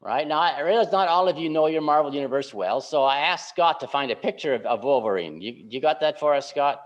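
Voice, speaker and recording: A man's voice: on the high side, animated, a little fast. Chatty man preaching, muffled recording. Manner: chatty, keeps asking "right?" to the congregation. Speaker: pastor. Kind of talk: conversational sermon. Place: church sanctuary. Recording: slightly muffled church recording.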